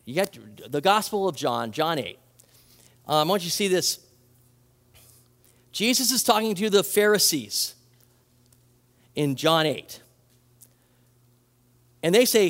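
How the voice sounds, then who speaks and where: A man preaching a sermon as a pastor, animated and conversational, acting out quoted voices and restarting his phrases. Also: high-pitched, a little slow, pauses often, in a large hall.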